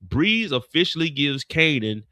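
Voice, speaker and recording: A man hosting a casual live recap show, talking animated and profane. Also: on the high side, measured pace, dry recording, studio quality. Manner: animated, profane, laughing aside. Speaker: host.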